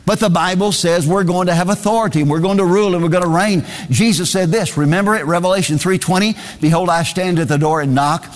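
A man's voice: sits high, fast talker, hardly any pauses. Man preaching in a reverberant hall. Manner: reads scripture aloud, sometimes in a singsong cadence; repeats phrases for emphasis. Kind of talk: sermon.

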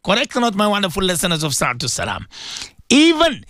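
A man's voice: sits high, wildly swooping pitch, quick pace, pushed and bright, no echo, clean studio sound. A man giving an emphatic religious talk on radio, repeating himself and quizzing his listeners. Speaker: Muslim preacher on radio.

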